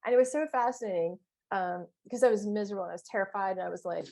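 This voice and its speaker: A woman coach telling stories in a casual interview chat, playful and animated, with big exclamations. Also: medium pitch, rapid-fire, gravelly.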